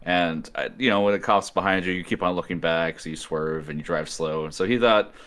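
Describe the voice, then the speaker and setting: A man's voice: low voice, brisk, a bit bright, clean tone. A man co-hosting a podcast, telling stories about himself in a sheepish, self-deprecating way. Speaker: podcast co-host. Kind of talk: casual chat.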